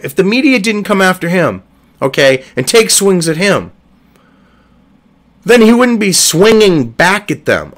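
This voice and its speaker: A man's voice: high voice, fairly bright tone. A man giving heated, profane commentary from his computer desk, exasperated and cursing freely. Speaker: online political commentator. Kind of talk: ranting commentary.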